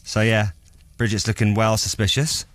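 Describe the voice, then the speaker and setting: A man's voice: on the low side, little pitch movement, moderate pace, dry recording. A man hosting a radio show in a studio, chatting in a jokey, teasing way. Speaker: radio host. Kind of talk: playful radio chat. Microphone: studio microphone.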